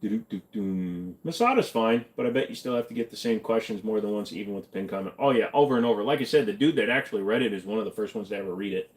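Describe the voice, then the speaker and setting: A man's voice: lowish voice, very fast, hardly any pauses. Joking man hosting a casual livestream. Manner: joking, deadpan, answers questions from chat. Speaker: livestream host. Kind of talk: casual livestream chat reading comments.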